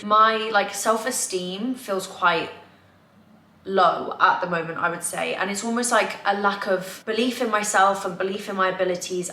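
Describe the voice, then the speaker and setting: Speaking in a lowish, sharp-toned voice with slight background noise, a young woman from England vlogs from home. She's candid and chatty in this confessional lifestyle vlog, overusing "like," and the room is echoey with faint ambience.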